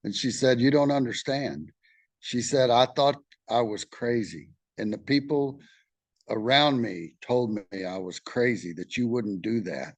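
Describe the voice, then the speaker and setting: A middle-aged Texan man leading a study group, reading aloud and sharing his own experience in a candid, halting way, with many fillers and restarts. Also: medium pitch, expressive, no room sound. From Texas.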